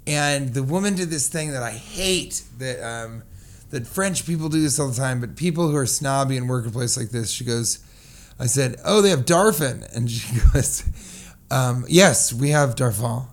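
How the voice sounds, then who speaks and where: A man's voice: mid-range voice, lively intonation, moderate pace. A man co-hosting a casual comedy podcast, rambling through a funny story and riffing on words. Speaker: podcast co-host.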